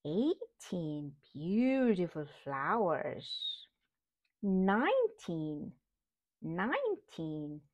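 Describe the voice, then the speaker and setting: Brief: female parent reading to a toddler, very slow, bouncy lively pitch, sing-song repetition. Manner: repetitive, sing-song, imitates animal sounds. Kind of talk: slow read-aloud for babies.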